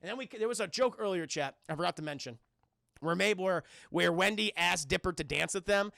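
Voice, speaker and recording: A man's voice: high voice, fairly quick, creaky, pushed and bright, no echo, studio quality. A young man streaming, casually and profanely retelling a cartoon episode to his chat.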